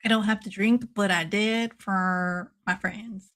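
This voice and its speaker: A woman hosting a casual watch-along stream, excitable and swearing freely, calling everyone "dude" while taking shots. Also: mid-range voice, a little slow. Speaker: livestream host.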